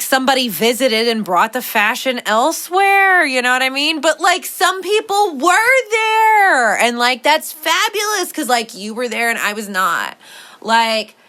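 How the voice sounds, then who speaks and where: A woman's voice: on the high side, bright, forceful tone. A woman hosting a podcast in casual chat, rambling playfully with lots of "like" fillers. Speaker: podcast host.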